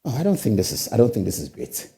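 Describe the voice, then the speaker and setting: A man's voice: on the low side, huge pitch swings, fast talker, warm tone. A Ghanaian man hosting a talk show, giving indignant commentary full of rhetorical questions and repeated phrases. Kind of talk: studio commentary.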